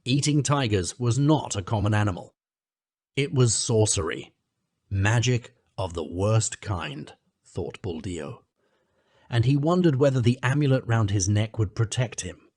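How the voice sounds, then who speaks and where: A man reading a classic story aloud, narrating with a lively delivery and shifting his pitch to voice the characters. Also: measured pace, no room sound, clean studio sound.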